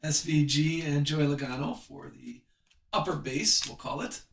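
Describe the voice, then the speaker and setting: A man's voice: a little high, steady tone, gravelly, a bit bright, echoey room, distant mic. A man hosting a live sports card break, chatting with viewers and reading off the cards as he opens packs. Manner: chatty, reads card names off quickly.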